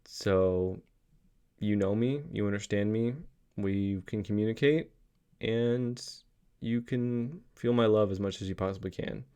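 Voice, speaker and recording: Earnest father rambling with a low voice. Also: measured pace, dark tone, clear, resonant tone, dull audio. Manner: rambling, earnest, many restarts and fillers. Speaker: father vlogging a daily reflection. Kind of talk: casual reflective monologue.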